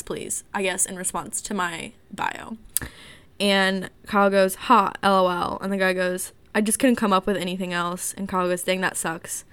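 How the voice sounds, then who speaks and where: A young woman in casual chat, reading dating-app messages aloud with animated, giggly storytelling. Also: mid-range voice, clean tone, no echo.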